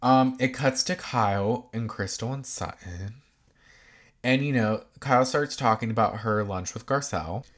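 A man talks through a reality show episode in a loose, gossipy recap. His voice is bright and a little sharp at an ordinary pitch. He is chatty and opinionated, leaning on "like" as he goes. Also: unhurried. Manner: chatty, opinionated, lots of "like" fillers.

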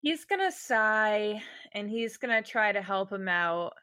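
A woman's voice: mid-range voice, expressive, measured pace, sharp tone. A woman playing a tabletop game, giggly and hesitant as she thinks aloud. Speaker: player.

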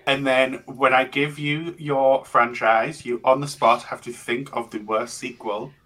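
A man's voice: mid-range voice, steady tone, a little slow, pushed and bright. A British man hosting a casual podcast chat, introducing guests with teasing jokes. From Britain. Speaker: podcast host.

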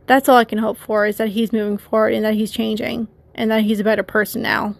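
Halting, gravelly-voiced young podcaster. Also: female voice, a little high, little pitch movement, no room sound, clean studio sound. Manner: halting, hesitant, many restarts; conflicted, rambling, talks to listeners. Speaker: podcast host. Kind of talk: confessional solo podcast monologue.

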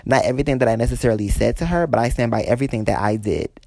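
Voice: mid-range voice, very fast, dark tone, dry recording, studio quality. A person telling a workplace story to viewers, heated and blunt, swearing freely. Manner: speaks straight to viewers. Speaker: vlogger telling a work story. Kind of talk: storytime venting to the camera.

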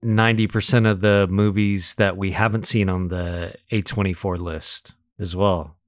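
Low-voiced man chatting on a podcast. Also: steady tone, moderate pace, no room sound, studio quality. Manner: thinking aloud with fillers and restarts, easy laughs. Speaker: podcast co-host. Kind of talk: casual movie-ranking chat.

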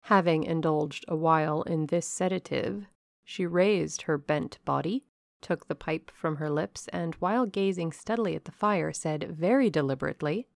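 A woman reading a classic novel aloud as an audiobook narrator, in a measured, even way. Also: low-pitched, gravelly, no room sound, studio quality. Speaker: audiobook reader.

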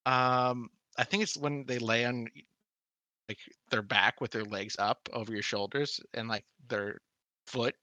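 A man co-hosting a podcast, answering quiz questions in casual chat, blunt and quick to swear and laugh. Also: medium pitch, fairly even intonation, pushed and bright, no echo. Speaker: podcast co-host.

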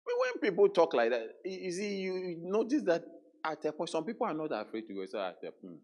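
A man preaching a sermon, emphatic, repeating words and dropping into hushed quotes. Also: a little high, huge pitch swings, moderate pace, pauses often.

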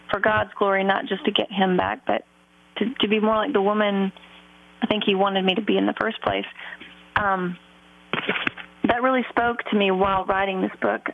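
A woman's voice: mid-range voice, creaky. A woman guest telling her own story in an earnest, reflective way, speaking about faith with many fillers. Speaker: podcast guest, author and singer. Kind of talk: heartfelt personal storytelling in an interview. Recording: phone-like narrow line.

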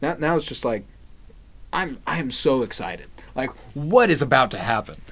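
Man, podcast co-host, casual episode recap, lively swooping pitch, quick to laugh, swears freely. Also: slight background noise.

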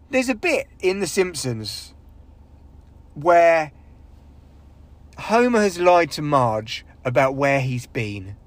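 He speaks slowly and pauses often, in a high-pitched, very animated voice with no room sound. The young comedian's casual podcast monologue is rambling, sweary and self-mocking, and his voice swings widely when he acts out others.

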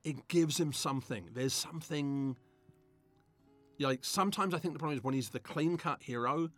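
A man co-hosting a film commentary in casual chat, animated and laughing, acting out mock quotes as he jokes. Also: fairly high pitch, normal speed, soft background music.

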